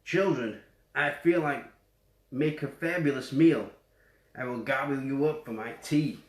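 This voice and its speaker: A man's voice: medium pitch, measured pace, natural voice. A man with a West Yorkshire accent voicing a hungry, grumbling male giant who wants to eat children, in a storybook reading. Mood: greedy. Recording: roomy echo.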